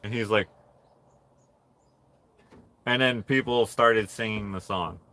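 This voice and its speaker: A man's voice: on the low side, slow pace, a bit bright. A man on a livestream telling a rambling story in a casual way and laughing through it. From Canada. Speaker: livestream host.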